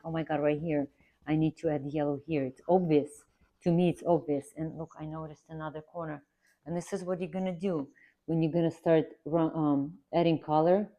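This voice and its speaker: Low-voiced woman chatting while she draws. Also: a little mellow. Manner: rambling, earnest, repeats herself for emphasis. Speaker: art instructor. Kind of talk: casual chatty tutorial while drawing.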